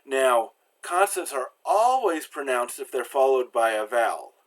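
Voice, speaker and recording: A man teaches pronunciation in a recorded lesson, his pitch moving up and down in lively swings. He explains step by step and leans on each example word so it stands out. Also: moderate pace. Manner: explanatory, stresses example words. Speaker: language teacher.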